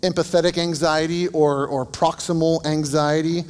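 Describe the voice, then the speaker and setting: A man's voice: a little high, little pitch movement, normal speed, darkish tone, clear, resonant tone, in a large hall. A man working as a counselor, teaching a group in a casual, anecdotal way and asking them questions. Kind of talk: conversational teaching.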